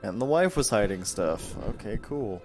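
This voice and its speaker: A man's voice: on the low side, expressive, normal speed, music in the background. Man jumping and cursing through gameplay. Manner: joking, swearing, jumpy reactions. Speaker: let's play host. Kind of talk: casual gameplay commentary.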